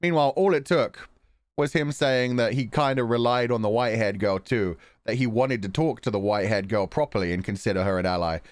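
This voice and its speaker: A man streaming a visual novel, giving casual gaming commentary in a profane, animated, exasperated way. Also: medium pitch, a little fast, dry recording.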